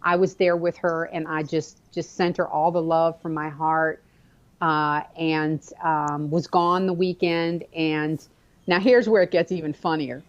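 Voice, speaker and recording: A woman guest telling a personal story in an animated, expressive way during a conversation. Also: deep voice, unhurried, lo-fi sound.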